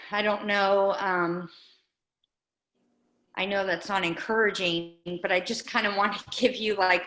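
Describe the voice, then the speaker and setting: A woman's voice: mid-range voice, sharp tone, reverberant, low-quality recording. A woman giving an earnest, conversational update as a guest speaker at a community meeting. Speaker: guest speaker, nonprofit director. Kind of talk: informal update talk at a meeting.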